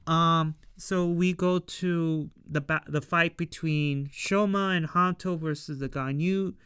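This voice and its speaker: Casual reviewer, unhurried and filler-heavy; clean, dry voice. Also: medium pitch, fairly even intonation, fairly bright tone, clean tone, dry recording. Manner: rambling with frequent fillers, laughs at own retelling. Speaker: show reviewer. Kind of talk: casual episode recap.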